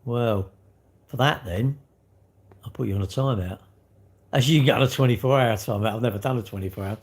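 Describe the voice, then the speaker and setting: A middle-aged British man hosts his own livestream, chatting on in a loose, rambling way. He keeps acting out little back-and-forth exchanges as he goes. His voice sits at an ordinary middle pitch for a man. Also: fast talker. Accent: British English. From United Kingdom. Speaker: livestream host. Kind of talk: casual livestream chat.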